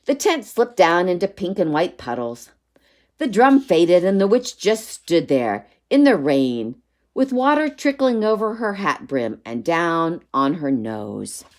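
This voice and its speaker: A woman reading a children's storybook aloud with expressive, animated telling. Her voice sits fairly low but leaps up and down with lively emphasis. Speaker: story reader.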